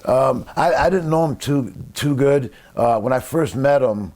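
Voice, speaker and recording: A man's voice: mid-range voice, unhurried, over music. A man casually telling rambling, profane anecdotes as a guest in a conversation. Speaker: wrestling guest recalling stories. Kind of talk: casual storytelling.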